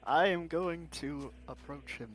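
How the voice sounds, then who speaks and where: A man's voice: on the high side, measured pace, over music. A man playing a tabletop game, hesitant and searching for words. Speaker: player. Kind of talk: tabletop role-play.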